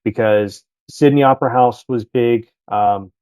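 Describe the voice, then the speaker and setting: A man's voice: medium pitch, measured pace, clear, resonant tone, dry recording. Man, casual guest chat, rambling, dry muffled recording. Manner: chatty, rambling, self-correcting. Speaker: podcast guest.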